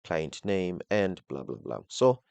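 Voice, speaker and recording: A man with a low voice guides viewers through a coding tutorial, thinking aloud and restarting words as he explains. He checks in with "okay?" after almost every point. The recording is dry and close, with no room sound around him. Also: big pitch swings, takes it slowly, gravelly, darkish tone, dry recording. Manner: explains step by step, tags nearly every phrase with "okay?". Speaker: coding instructor.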